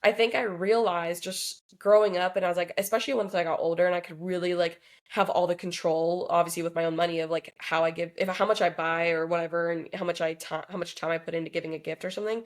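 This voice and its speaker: Young woman co-host with a lowish voice, relaxed and talkative, lots of "like". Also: quick pace, hardly any pauses. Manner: chatty, thinks aloud with many fillers. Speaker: podcast co-host. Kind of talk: casual chat.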